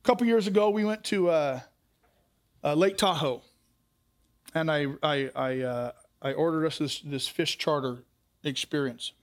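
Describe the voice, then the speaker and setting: A man's voice: fairly high pitch, measured pace, long pauses. A man preaching a sermon as pastor, telling stories and putting direct questions to his listeners.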